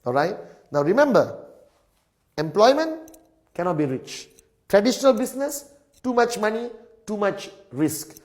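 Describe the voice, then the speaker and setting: Male presenter, somewhat high voice, upbeat whiteboard-lesson delivery, punchy lists, constant "all right?" check-ins. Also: a little slow, long pauses. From Malaysia. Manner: punctuates phrases with a repeated "all right?"; animated, emphatic lister. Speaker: network marketing presenter.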